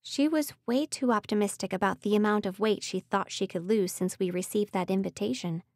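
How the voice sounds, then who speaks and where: A woman voicing an anxious young stepsister, higher and quick. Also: dry recording, clean studio sound, close to an everyday voice. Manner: worried, quick questions.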